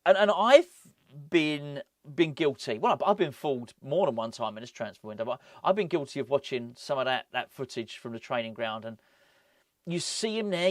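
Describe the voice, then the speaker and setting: A man hosting a casual football vlog, rambling and animated, often breaking off with laughs. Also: high-pitched, no echo, studio quality. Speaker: football fan channel host.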